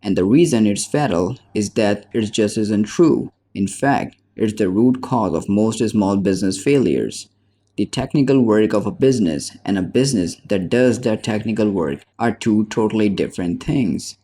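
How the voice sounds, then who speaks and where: A man narrating a business book as an audiobook in a measured, steady reading. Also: fairly low pitch.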